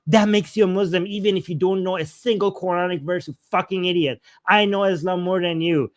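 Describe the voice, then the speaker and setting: An Iranian-accented man, a native Persian speaker, hosting a heated livestream. His voice sits fairly high for a man and sounds dry and close, with almost no room around it. He mocks and swears at his viewers in loud, angry bursts. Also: steady tone, brisk, few pauses, dry recording. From Iran. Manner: angry, profane, mocking, loud outbursts. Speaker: livestream host reading super chats.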